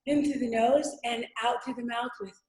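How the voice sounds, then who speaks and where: A woman as instructor leading a guided breathing and vocal exercise, giving calm step-by-step instructions between long sung vowel tones. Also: a little high, normal speed, heavy background noise. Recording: roomy echo.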